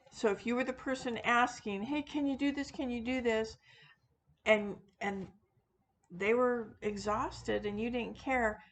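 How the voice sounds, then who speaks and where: A woman talking casually to her viewers, rambling with many fillers and restarts and poking fun at herself. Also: a little high. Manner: rambling, frequent fillers and restarts, self-deprecating. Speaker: witchcraft video host; teacher of classes. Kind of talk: casual unscripted monologue.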